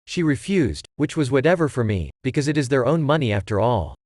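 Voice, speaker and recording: A man with a mid-pitched voice reads a first-person story aloud in a plain storytelling manner. The recording is dry and close to the mic. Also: expressive, a little fast, a little mellow, no echo. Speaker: story narrator. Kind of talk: scripted first-person narration.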